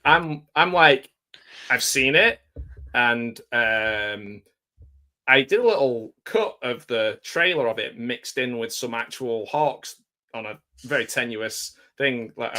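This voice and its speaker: A man with a soft South Manchester accent, chatting as a guest on a video call in a jokey, rambling way. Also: medium pitch. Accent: South Manchester English. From England. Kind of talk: casual video-call chat.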